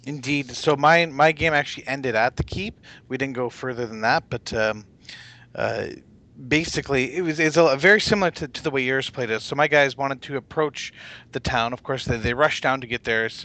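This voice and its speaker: A man and podcast co-host casually recapping the game session he ran, in a relaxed way with fillers. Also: mid-range voice.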